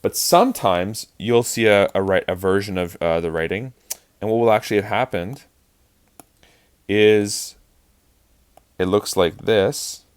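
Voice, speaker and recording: A man's voice: fairly low pitch, unhurried, pauses often, smooth. A man explaining verse rhythm as an acting teacher, in a chatty lesson with frequent fillers and restarts. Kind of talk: online lesson on verse speaking.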